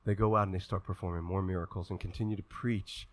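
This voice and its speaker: A male pastor preaching a sermon, acting out the voices of people in the scripture stories and swinging from hushed, low asides to loud, fervent, drawn-out calls. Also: steady tone.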